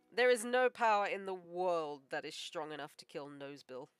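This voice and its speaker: A woman animator chatting casually on a live stream while she draws, joking and thinking out loud. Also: fairly low pitch, lively intonation, normal speed, few pauses, smooth, dry recording, soft background music. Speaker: animator streaming her work.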